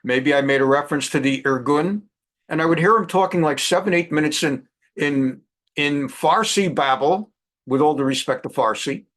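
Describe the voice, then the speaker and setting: A man in his sixties, a rabbi hosting a weekly program, telling anecdotes in a chatty, animated way with frequent restarts. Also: on the high side, normal speed. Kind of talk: anecdotal monologue.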